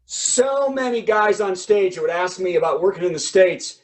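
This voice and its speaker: A middle-aged man hosts an online comedy show in a chatty, laughing way. His voice sits high for a man. He jokes between acts and breaks into mock impressions. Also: expressive, normal speed, low-quality recording. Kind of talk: virtual comedy show hosting.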